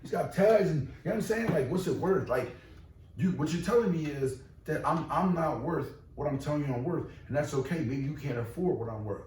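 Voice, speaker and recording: A man who owns and runs a boxing gym, talking casually in a podcast interview, emphatic and animated with many repeated restarts. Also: on the high side, brisk. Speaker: boxing gym owner and trainer. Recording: echoey room, distant mic, faint noise.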